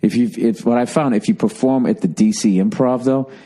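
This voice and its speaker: A man hosting a podcast from home, rambling in a sardonic, profane monologue at a hushed level. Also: medium pitch, fairly quick. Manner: profane, sardonic, talking quietly. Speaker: podcast host. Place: at home, indoors.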